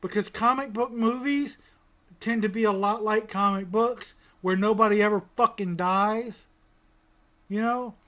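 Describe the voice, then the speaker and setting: A man with a notably high voice, hosting a loose review podcast. He rambles, restarts his sentences and swears casually as he goes. He grew up in the American South. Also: measured pace, fairly bright tone. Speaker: podcast host. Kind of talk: casual pop-culture review chat.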